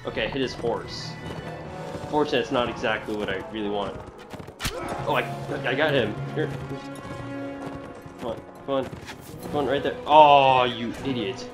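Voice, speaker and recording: A man commentating while he plays a video game, reacting with frequent excited outbursts and exclamations. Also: mid-range voice, moderate pace, pauses often, music in the background. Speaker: gamer. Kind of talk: gameplay commentary.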